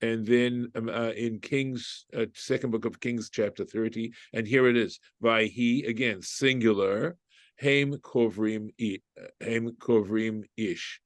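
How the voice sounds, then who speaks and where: A man's voice: mid-range voice, steady tone, a little slow, dry recording. A man, a rabbi, leading an informal Torah study class, thinking aloud, translating Hebrew phrases and often checking in with "right?". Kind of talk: informal group Bible study.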